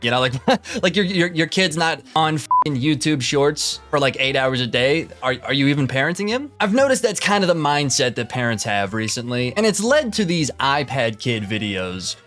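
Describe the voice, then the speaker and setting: A man's voice: mid-range voice, very animated, moderate pace, a bit bright, faint music behind. A man giving casual reaction commentary, rambling and swearing often, with many fillers and restarts. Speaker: commentary YouTuber.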